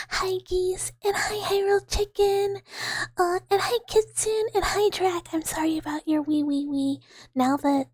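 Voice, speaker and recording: A young woman talking in a whispered ASMR chat, her voice breathy and airy with a slightly high pitch. She speaks slowly, with soft giggles and sing-song hellos, close to a sensitive mic in a dry, dead room. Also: no room sound. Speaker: VTuber ASMR streamer.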